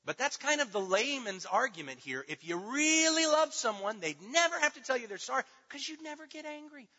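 Male preacher, emphatic teaching style, animated high voice; dull recording with long hall reverb. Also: a little fast. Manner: emphatic, swinging between loud stresses and hushed asides. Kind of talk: teaching sermon.

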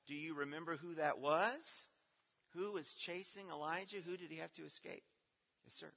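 Teaching children at a church assembly, this man quizzes them on the Bible and praises what they answer, his slightly high voice gravelly, bright and forceful at normal speed. The hall is reverberant and the recording dull and lo-fi.

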